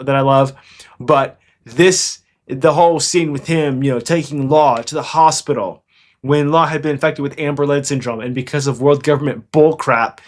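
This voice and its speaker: A fast, excitable young man rambles casually through his fan commentary, and his voice sits a little higher than most men's. He jumps from point to point with eager energy. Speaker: anime commentary channel host.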